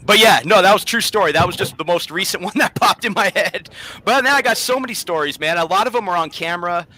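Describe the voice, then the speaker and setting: A man co-hosting a podcast, telling stories in an animated, slangy way and calling people "man" and "bro". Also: high-pitched, quick pace. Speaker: podcast co-host. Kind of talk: casual chat.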